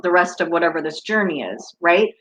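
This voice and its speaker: A woman's voice: lowish voice, animated, a little fast, fairly bright tone, rough recording. A woman in her fifties from the United States, hosting a live stream as an intuitive coach, talking casually with viewers and wandering off on spiritual tangents. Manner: chatty, tangent-prone, spiritual.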